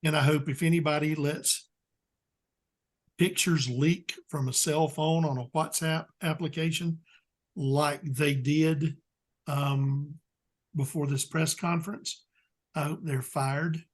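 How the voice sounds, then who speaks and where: A Southern US man talking as an interview guest, his voice sitting a bit high for a man. He rambles along in a plain-spoken way and keeps filling gaps with "um.". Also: steady tone, takes it slowly. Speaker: guest expert. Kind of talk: casual interview chat.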